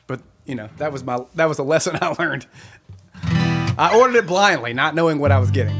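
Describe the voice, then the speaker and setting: A man's voice: on the high side, sing-song, fairly quick, a bit bright, faint music behind. A man hosting a weekly live concert stream, chatting casually and rambling with his viewers and laughing often.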